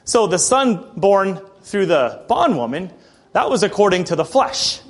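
A male preacher giving a sermon in a conversational storytelling way, often clearing his throat. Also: sits high, sing-song, unhurried. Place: church building.

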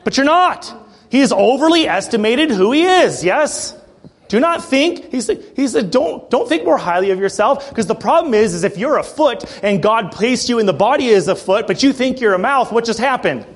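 A man preaching a sermon in a church, passionate, with joking asides and frequent throat clearing. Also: very high-pitched, very animated, moderate pace.

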